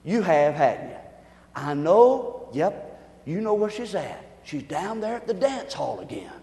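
A man preaching a sermon in call-and-response style, swinging from quiet murmurs to shouts, in an echoey hall. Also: high voice, sing-song, measured pace.

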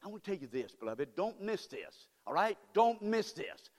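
A male pastor preaching with a high, swooping voice that leaps and dips through every phrase. He drives his points home through fervent repetition and questions thrown to the congregation. The sound rings with a long reverb from a church sanctuary. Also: huge pitch swings, moderate pace, hardly any pauses. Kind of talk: sermon.

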